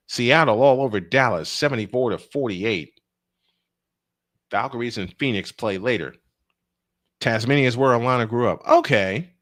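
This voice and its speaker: Lively, chatty male play-by-play announcer. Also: lowish voice, no echo, studio quality. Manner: chatty, self-deprecating, rambling asides. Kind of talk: play-by-play basketball commentary.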